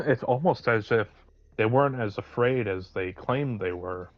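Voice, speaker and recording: A man's voice: fairly low pitch, a little slow. A man co-hosting a podcast, chatting casually and dropping wry, sarcastic quips. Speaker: podcast co-host. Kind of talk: casual chat. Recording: dull lo-fi audio.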